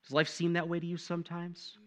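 A young man preaching a sermon in a conversational, animated way, often tossing in "right?" to the listeners. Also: a little high, fairly quick. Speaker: pastor.

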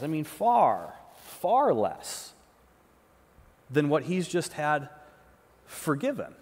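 Male pastor, lively and fairly high-pitched, conversational sermon with stumbles and "right?", long hall reverb. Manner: conversational preaching, repeats words, often asks "right?".

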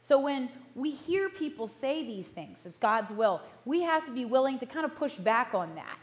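A middle-aged woman pastor giving a sermon in an earnest, measured way, slowing down to stress key words. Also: high-pitched, big pitch swings. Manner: earnest, measured, slows for emphasis.

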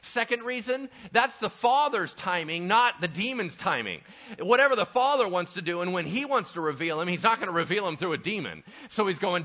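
A man preaching a sermon in a church sanctuary, telling Bible stories with humor and dropping to quiet intensity for serious points. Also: high voice, normal speed, dull audio. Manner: animated, humorous storytelling, shifts to quiet intensity. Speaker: pastor.

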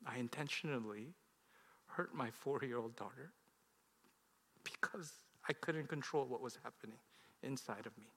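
Man, 30s, pastor, sermon storytelling, bright tone, long hall reverb. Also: moderate pace, long pauses, slightly rough. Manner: confessional storytelling that swings from loud outbursts to hushed, low lines.

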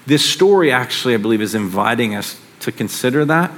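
A man's voice: mid-range voice, expressive, fairly quick, hardly any pauses, fairly bright tone, slight background noise. A middle-aged man preaching a sermon in a conversational way, with casual asides. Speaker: pastor.

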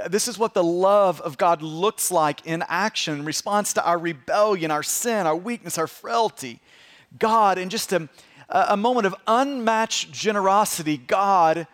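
A man's voice: sits high, animated, measured pace, in a large hall. A man preaching a sermon as pastor, emphatic, stressing words with swells and drops, often repeating and restarting words. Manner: emphatic preaching, dropping to hushed tones for stress.

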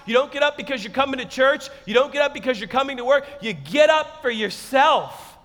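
High-voiced pastor in a reverberant hall. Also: male voice. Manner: conversational and joking, bursting into loud shouted lines. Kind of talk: sermon.

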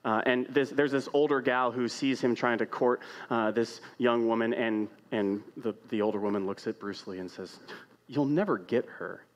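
A man's voice: medium pitch, fairly even intonation, normal speed, few pauses. Man preaching a conversational sermon. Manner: conversational preaching with rhetorical questions, swinging between loud and hushed. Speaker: pastor.

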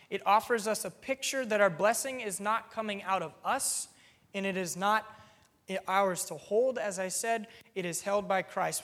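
A man delivers a sermon in an earnest, teaching manner, pausing now and then with an "um". His voice sits high for a man. The sound carries a long reverb from a large hall. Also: fairly bright tone. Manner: earnest, explaining with plain examples, occasional "um". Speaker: preacher.

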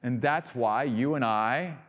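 A man preaching a sermon, rising to loud emphatic peaks and dropping to quiet asides. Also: medium pitch, slow. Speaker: pastor. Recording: long hall reverb.

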